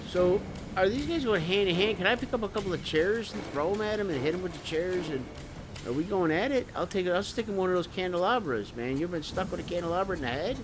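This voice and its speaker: A man's voice: high-pitched, animated, fast talker, background noise. A man playing a tabletop game, joking and boisterous as he describes his moves. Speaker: player. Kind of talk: casual game chat.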